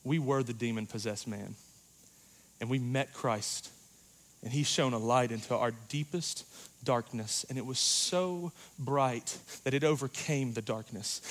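A man preaching a sermon in a dynamic, conversational way, swinging between loud passages and hushed ones. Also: mid-range voice, measured pace. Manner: conversational, uses "like" and "you know".

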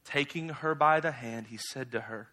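Guy preaching a sermon, bright forceful voice, chatty and animated, gets loud and high when he's worked up. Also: moderate pace. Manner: conversational preaching, acts out bible characters with slangy asides. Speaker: pastor.

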